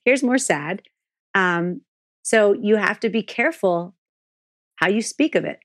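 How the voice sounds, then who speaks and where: A woman's voice: medium pitch, lively intonation, a little slow, fairly bright tone, no echo, clean studio sound. A woman in her forties, a guest in a candid podcast interview, talking frankly and with animation and swearing freely.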